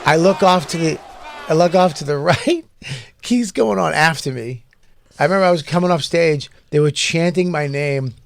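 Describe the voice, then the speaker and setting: A man's voice: on the high side, moderate pace, vocal fry, dry recording, clean studio sound, some chatter behind. A man who works as a comedian, telling road stories on a casual talk show and acting out other people's lines as he goes. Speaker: comedian co-host. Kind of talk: casual storytelling chat.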